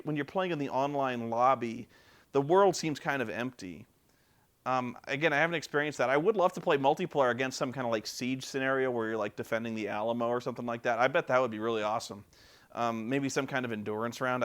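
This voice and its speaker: A man vlogs casually about video games in an ordinary mid-pitched voice. He rambles, circles back and restarts his sentences often. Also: a bit bright. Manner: rambling, many fillers and restarts. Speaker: video game vlogger. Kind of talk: casual chat.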